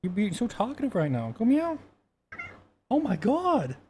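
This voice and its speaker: A man's voice: sits high, wildly swooping pitch, moderate pace, dark tone, a little hiss or hum. A man at home chatting to his cat by a desk microphone, coaxing and cooing at her in casual pet talk with offhand mutters. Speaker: streamer talking to his cat.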